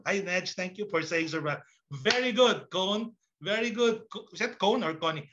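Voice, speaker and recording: A man leads an online training session for teachers, acting out students and teachers in lively voices. His voice is bright and forceful, and the recording sounds a little dull and lo-fi. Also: high voice, moderate pace. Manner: animated, acts out classroom scenes with exaggerated voices.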